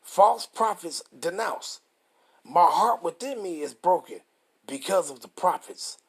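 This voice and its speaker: A man reading scripture aloud and commenting on it, profane and combative, slowing down to stress the verses. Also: sits high, expressive, creaky, husky. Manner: profane and combative, reads verses slowly and forcefully.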